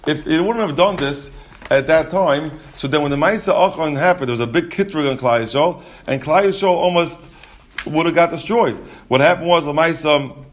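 In this Talmud class, the teacher, a man with a slightly high voice, works through Hebrew and Aramaic passages. He intones the text in a singsong, then breaks it down in everyday English, frequently starting his sentences over.

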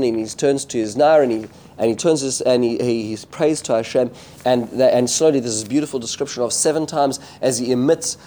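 Mellow-voiced man teaching a Bible lesson. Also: mid-range voice, a little hiss or hum. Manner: animated storytelling with frequent restarts; mixes Hebrew terms and verses into English. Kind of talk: informal Torah lesson, retelling and commentary.

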